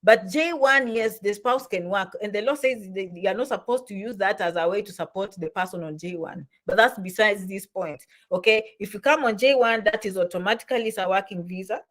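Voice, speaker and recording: A woman giving casual advice, lively and repetitive, often checking "okay?" and "you understand?". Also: medium pitch, fairly quick, hardly any pauses. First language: not English. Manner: animated, repeats "okay?" and "you understand?", acts out quoted voices. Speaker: immigration advice vlogger. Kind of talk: casual explainer talk.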